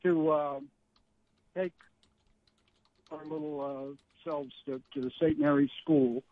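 A man's voice: on the high side, big pitch swings, slow pace, gravelly, no room sound. A man in his sixties calling in to a radio show, wry and rambling as he tells a story, with frequent restarts. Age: 60s. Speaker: caller. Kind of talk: call-in radio chat. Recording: phone line.

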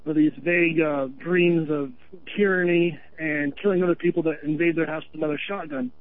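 A man from Vermont calls into a radio show and rambles on earnestly in a chatty way. His voice sits high for a man and comes through a tinny telephone line. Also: a little fast. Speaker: caller. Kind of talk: phone-in radio talk.

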